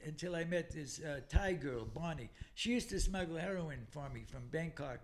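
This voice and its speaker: A man's voice: fairly high pitch, moderate pace, a little hiss or hum. A man in his older years, telling profane stories as a podcast guest and acting out the people in them. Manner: profane, animated storyteller who acts out quoted people. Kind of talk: casual storytelling chat.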